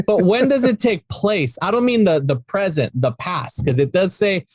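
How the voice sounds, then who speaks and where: A man's voice: high voice, moderate pace, a little mellow, no echo. A man co-hosting a casual podcast, talking through a movie with lots of swearing and acted-out bits of dialogue. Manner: rambling, profane, acts out scenes. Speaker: podcast co-host.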